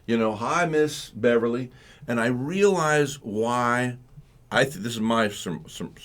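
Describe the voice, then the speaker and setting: A man's voice: mid-range voice, unhurried. A man hosting live morning talk radio, telling rambling stories and acting out the voices of the people in them. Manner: rambling, animated storytelling with acted-out quotes. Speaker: radio talk show host.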